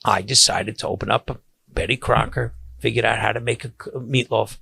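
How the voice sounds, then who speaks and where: An older man with a Long Island accent, a caterer who hosts a podcast, tells family stories in a casual, animated way, often restarting his sentences. His voice is lowish, creaky and slightly rough, his pace brisk, and there's no room sound.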